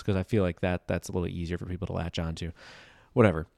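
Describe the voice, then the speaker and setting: Deep gravelly man rambling casually. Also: steady tone, fairly quick, a little mellow, no echo, clean studio sound. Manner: rambling, full of "like" and "you know". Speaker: podcast host, programmer.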